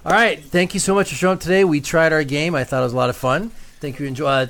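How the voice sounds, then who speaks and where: A man's voice: fairly high pitch, fairly even intonation, fast talker, a bit bright. A man co-hosting a live podcast show, upbeat and rambling with many fillers. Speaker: podcast co-host. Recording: live room with crowd noise.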